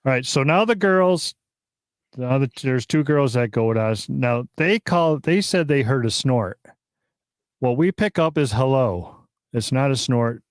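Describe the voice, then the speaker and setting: A man hosting a live podcast, talking casually and excitedly, with many fillers and restarts. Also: medium pitch, a little slow, dry recording, clean studio sound. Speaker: podcast host.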